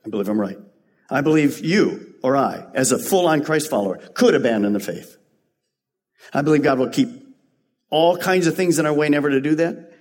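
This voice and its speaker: A man's voice: a little high, animated, moderate pace, darkish tone, long reverb tail. A man preaching a sermon as a pastor, earnest and rising to emphatic peaks.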